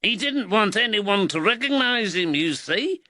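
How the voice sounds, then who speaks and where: A man's voice: high voice, expressive, a little slow, pushed and bright, no room sound, clean studio sound, pitched above the performer's own voice, heavily acted. A man doing a sly labourer.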